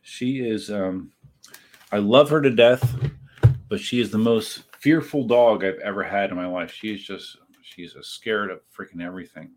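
Husky-voiced man chatting on a livestream. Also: fairly low pitch, normal speed. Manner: rambling, chatty, reads chat aloud and answers. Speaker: livestream host. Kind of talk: casual livestream chat reading viewer comments. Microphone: desk setup while live streaming.

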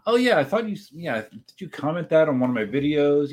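Very animated and brisk, this man's voice sits a little high. He's hosting a casual livestream at a desk setup, reading viewers' comments out loud and rambling chattily as he answers them.

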